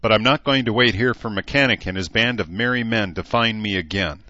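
A man's voice: lowish voice, a little fast, sharp tone, dry recording, dull audio, voice pushed up. A man voicing a tired, bitter middle-aged mother who has been through a lot. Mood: weary.

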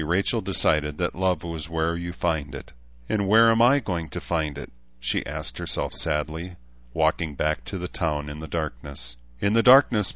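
Man, audiobook narrator, very low voice, measured reading, dry close sound. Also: a bit bright, no room sound, lo-fi sound. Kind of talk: scripted narration.

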